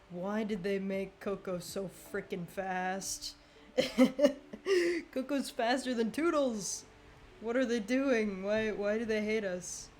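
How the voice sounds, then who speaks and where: A young woman talks casually over her own gameplay, unhurried and relaxed in her delivery. She breaks into laughter often and reacts loudly when the game goes wrong. Faint music plays underneath her voice. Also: mid-range voice. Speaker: streamer.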